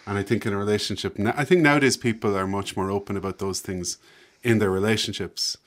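A man's voice: lowish voice, fairly even intonation, fast, a bit bright. A man talking reflectively as a guest about his book, often hesitating and laughing. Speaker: author and guest. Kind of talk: casual conversation.

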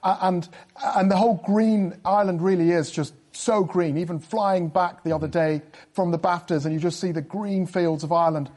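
A man's voice: high voice, steady tone, normal speed, a little mellow. A man from England, a panelist, chatting with gushing enthusiasm. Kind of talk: casual panel chat.

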